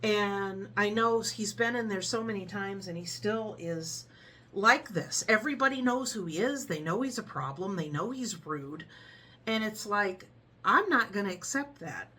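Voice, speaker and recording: A woman telling a story casually in a vlog, animated and acting out the people in it. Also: medium pitch, measured pace. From Ohio, USA.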